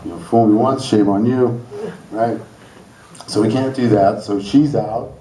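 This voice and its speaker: A man's voice: lowish voice, steady tone, measured pace, mellow. A man doing loose, rambling stand-up comedy on an open stage, with a laid-back, jokey delivery. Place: school hall open stage before a laughing crowd. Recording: roomy hall, mic set far off. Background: audience laughter.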